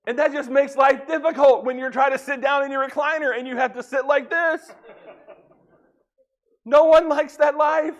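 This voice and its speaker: A pastor preaching a folksy sermon, joking with the congregation and acting out little dialogues. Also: male voice, very high-pitched, fairly even intonation, moderate pace, highs cut off.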